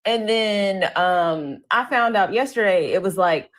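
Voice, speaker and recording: A woman co-hosting a live-stream chat, telling stories in a sassy, slangy, animated way. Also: medium pitch, moderate pace, few pauses.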